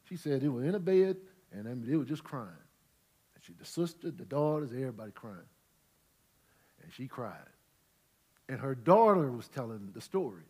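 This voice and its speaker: A middle-aged male pastor preaching, swinging from quiet storytelling to loud, shouted praise. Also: medium pitch, big pitch swings, normal speed, long pauses, breathy edge. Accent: St. Louis Black American Southern-tinged. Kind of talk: preaching a Bible study sermon. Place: church sanctuary with congregation.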